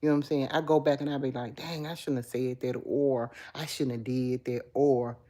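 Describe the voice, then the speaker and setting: Chatty woman with a low, mellow voice. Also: fairly even intonation, a little fast. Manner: chatty, affectionate, answers viewer comments. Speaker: livestream host. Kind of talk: casual live chat with viewers.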